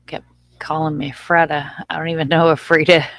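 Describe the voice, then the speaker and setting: A woman's voice: low-pitched, flat delivery, moderate pace, no echo. A woman with a Southern US accent hosting a casual livestream, chatting in a folksy way and reading out viewer comments. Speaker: livestream host.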